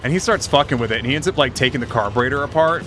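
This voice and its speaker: A man's voice: mid-range voice, very fast, a bit bright, soft background music. A man streaming a game, telling rambling, profane work stories in casual chat. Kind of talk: casual chat while gaming.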